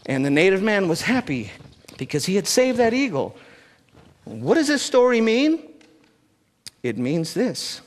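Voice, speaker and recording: A man telling a traditional story live on stage, animated and teasing the audience with asides. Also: sits high. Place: stage at a cultural gathering. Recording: long hall reverb.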